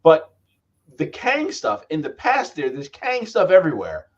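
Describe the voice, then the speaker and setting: A man's voice: sits high, wildly swooping pitch, measured pace, lo-fi sound. A man co-hosting a live review show in casual chat, rambling and restarting his sentences as he thinks aloud.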